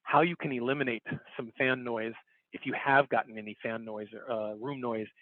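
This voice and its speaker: Speaking at a normal speed in a steady, medium-pitched voice that stays in the middle range, this man leads an online workshop from a home setup. He explains each step and keeps returning to his key points, demonstrating on screen in a casual, upbeat way. The audio sounds narrow, like a phone call, and is dry without any echo.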